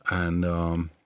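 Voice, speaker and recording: Rambling Dutch-accented man, low voice. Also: smooth, dry recording. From southern Netherlands (Limburg). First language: Limburgish. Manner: rambling and chatty, with many fillers. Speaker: live stream host. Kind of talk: casual live stream chat.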